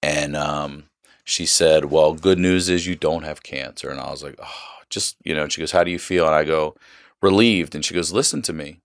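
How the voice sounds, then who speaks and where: Very deep-voiced man telling a story. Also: normal speed, no echo, studio quality. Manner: candid, profane, emphatic retelling. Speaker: podcast guest. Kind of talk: casual storytelling.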